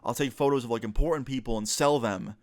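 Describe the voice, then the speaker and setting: A man's voice: medium pitch, quick pace, no echo, close to an everyday voice. A man voicing a nervous, stammering male street photographer who apologizes and explains himself. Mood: explaining.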